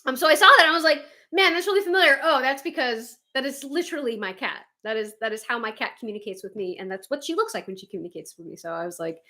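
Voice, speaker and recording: A woman hosting a livestream, chatting casually with viewers and reading their comments, animated and quick to laugh. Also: on the high side. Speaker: livestream host.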